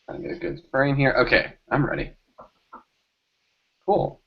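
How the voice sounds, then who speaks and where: A man's voice: medium pitch, unhurried, vocal fry, slightly rough, dull audio. A young man co-hosting a casual web show, easygoing and agreeable. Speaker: co-host. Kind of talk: casual unscripted chat.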